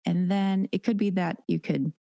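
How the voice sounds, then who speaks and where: A woman dominatrix and educator talking casually as a podcast guest, animated, acting out quoted lines. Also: lowish voice, moderate pace, gravelly, no echo, muffled recording. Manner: animated, acts out quoted voices.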